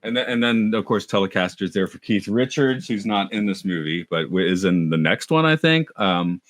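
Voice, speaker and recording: Brief: male podcast co-host, lowish voice, dry close sound, rambling and laughing. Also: expressive, moderate pace, fairly bright tone, no echo. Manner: chatty, laughs often, trails into restarts. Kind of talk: casual chat.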